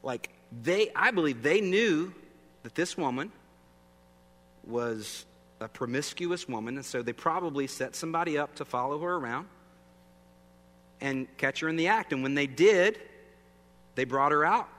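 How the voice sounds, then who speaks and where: This time the pastor's voice is a little high, fairly bright and animated, moving at a moderate pace with frequent pauses. He preaches conversationally, regularly asking the audience questions, over a long reverb and faint hum.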